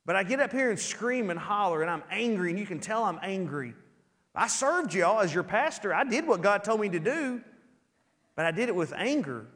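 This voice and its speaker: A man preaches a sermon with a lot of animation, dropping into little acted scenes to drive home his points. His voice sits high for a man. Long reverb from the church hall trails after his words. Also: very animated, moderate pace, fairly bright tone. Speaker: pastor. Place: church sanctuary.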